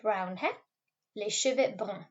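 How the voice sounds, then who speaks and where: A woman teacher giving a recorded French lesson, patiently modelling words slowly for pupils to repeat. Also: mid-range voice. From Wales. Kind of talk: recorded classroom video lesson. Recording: slightly dull, lo-fi recording.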